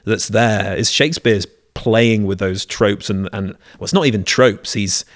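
A man co-hosting a casual literary discussion, retelling scenes with lively acted-out lines. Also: on the low side, measured pace, dry recording, clean studio sound. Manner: lively storyteller, acts out quoted lines.

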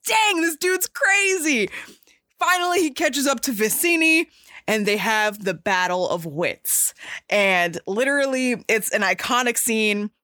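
A young woman retells a film in a lively, slangy way, laughing often and filling gaps with "uh" and "like." Her voice is bright and sharp. The recording is dry and close, with no room echo. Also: fairly high pitch. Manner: animated, slangy, laughs often, many fillers. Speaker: movie fan recapping a film. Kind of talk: casual storytelling chat.

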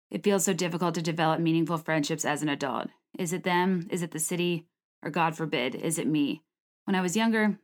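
A woman in her late twenties with a slightly low voice talks quickly and casually, using lots of filler "like"s. She then reads her own blog post aloud in a conversational monologue. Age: late 20s. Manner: fast-talking, many filler "like"s.

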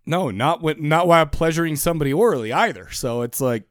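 Smooth-voiced man rambling on a podcast. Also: a little high, fast talker, no echo, clean studio sound. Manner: rambling, joking, animated asides. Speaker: podcast co-host. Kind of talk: casual podcast banter.

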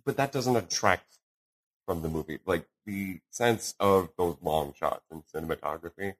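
A man co-hosting a casual film podcast, speaking quietly and hesitantly, sometimes away from the mic. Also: sits low, moderate pace. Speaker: podcast co-host. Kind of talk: casual chat. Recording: poor audio, drifting off-mic.

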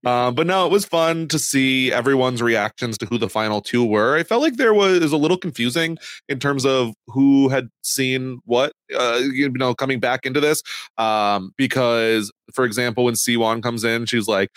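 Measured man in casual podcast chat. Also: mid-range voice, fairly bright tone, no echo. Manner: measured, thoughtful, laughs often. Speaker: podcast co-host.

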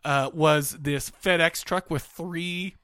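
A man's voice: a little high, fairly even intonation, takes it slowly, fairly bright tone, smooth. A man co-hosting a podcast, telling a rambling story in casual chat, full of restarts and laughter. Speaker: podcast co-host.

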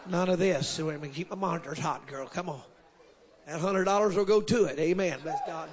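A man preaching a sermon to a congregation, dropping frequent amens and rising to shouted refrains. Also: on the high side, fairly quick, dull audio. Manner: builds to shouted call-and-response, sprinkles amen. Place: church service with congregation.

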